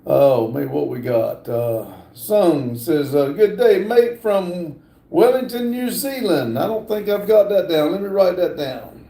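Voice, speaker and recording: Slow, gravelly-voiced man in a roomy space. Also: high voice, expressive, warm tone. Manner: halting, many filler words. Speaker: livestream host. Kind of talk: casual live chat, reading comments aloud.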